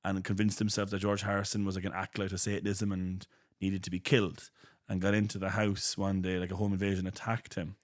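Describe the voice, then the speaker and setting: A comedian hosting a podcast, telling rambling stories in casual comedic chat and acting out the quotes. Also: male voice, sits low, flat delivery, fast, few pauses. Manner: rambling storyteller, acts out quotes.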